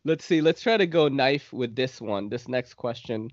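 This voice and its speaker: A man's voice: mid-range voice, lively intonation, normal speed, dry recording, dull audio. A man hosting a casual podcast interview, reading out listener questions and laughing often. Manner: enthusiastic, laughs a lot, reads listener questions. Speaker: podcast host.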